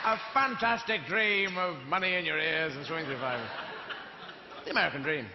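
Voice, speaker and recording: A man works through a stand-up comedy routine in a high, lively voice, rambling from bit to bit and dropping into silly character voices. The sound is roomy and echoey, and a loud room ambience runs under his voice. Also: normal speed, highs cut off, a crowd in the background, background noise. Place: theatre stage before a live audience.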